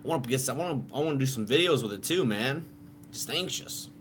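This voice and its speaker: A man's voice: mid-range voice, lively intonation, fast talker, a bit bright, slight background noise. A man co-hosting a live stream in casual chat, laid-back and swearing freely.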